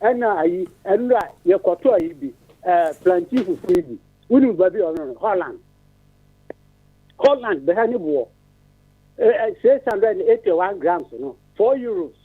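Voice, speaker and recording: A man's voice: high-pitched, lively intonation, a little slow, breathy edge. A man calling into a radio phone-in. He rambles, repeats himself and mixes English with Twi. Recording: tinny phone line.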